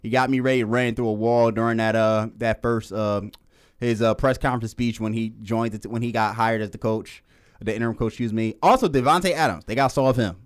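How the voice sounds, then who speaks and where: A man's voice: medium pitch, brisk, clean tone. Man, sports talk host, casual, rambling, self-correcting, laughs a lot.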